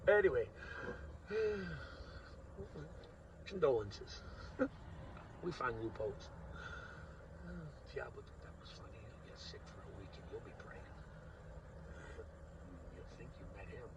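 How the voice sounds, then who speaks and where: A man in a rambling, profane monologue that veers from low mutters to loud outbursts, recorded dull and from a distance. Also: noisy background. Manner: coarse and profane. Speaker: vlogger.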